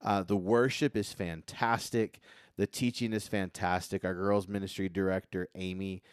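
A man's voice: low voice, moderate pace, smooth, no echo, studio quality. A man hosting a podcast, wrapping up an interview and joking with his co-hosts in casual chat. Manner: jokey, relaxed banter. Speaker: podcast host.

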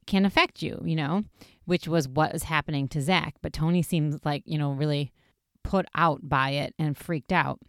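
A woman's voice: low-pitched, no room sound, studio quality. A woman casually recapping a TV episode in a chatty way, with lots of fillers. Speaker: podcast host recapping a TV episode. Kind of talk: casual chat.

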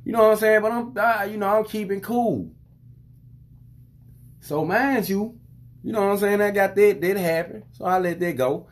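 A father telling a frustrating story to camera, venting in a loose, profane, animated way. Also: fairly high pitch, normal speed, pauses often. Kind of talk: casual storytelling monologue.

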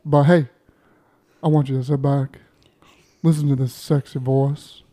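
A man putting on a smooth, seductive show-host voice in a comic improvised bit, with a slow and suggestive delivery. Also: mid-range voice, little pitch movement, dark tone, pitched below the performer's own voice, close to an everyday voice. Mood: sultry.

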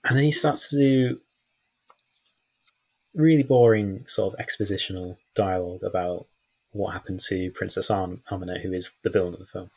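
Man, guest on a chat podcast, very low husky voice, chatty, laughs a lot. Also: fairly even intonation, normal speed, a little mellow. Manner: chatty, laughs often, acts out lines from films. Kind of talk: casual film chat.

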